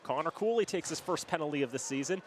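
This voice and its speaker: Calling a college hockey game for local access TV, this young play-by-play man from New has a fairly high, animated voice and a quick pace. His commentary is stat-heavy yet conversational, erupting into shouts on goals, over faint hiss or hum.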